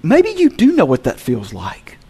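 A pastor from the Southern US preaches to his congregation in a lively, high-pitched voice that is creaky and husky, at a slightly slow pace. He moves from soft, low asides up to loud, emphatic peaks.

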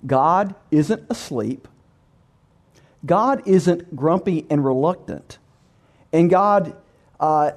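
A male pastor with a fairly high voice delivers a sermon. He keeps it relaxed and conversational, with dry humor and vivid everyday scenes.

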